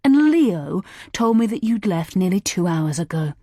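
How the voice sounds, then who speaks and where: A woman's voice: fairly low pitch, moderate pace, darkish tone, breathy edge, no echo, studio quality. A woman reading a young man's lines, bitter, accusing and tearful. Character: young man, desperate, furious and grieving.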